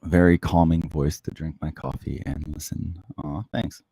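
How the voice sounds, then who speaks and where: Very deep gravelly-voiced man, soft-spoken. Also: fairly even intonation, moderate pace, no echo. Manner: soft-spoken, close to the mic. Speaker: livestream host. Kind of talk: casual chat reading viewer comments. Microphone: close microphone.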